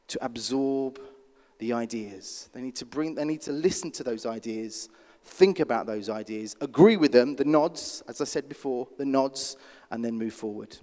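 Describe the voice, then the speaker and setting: Man coaching in a reverberant hall. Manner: deliberate, repetitive, checks in with frequent "okay?"; drops pitch and volume to land key points. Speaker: pitch coach at a startup conference. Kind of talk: live masterclass talk. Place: large conference hall.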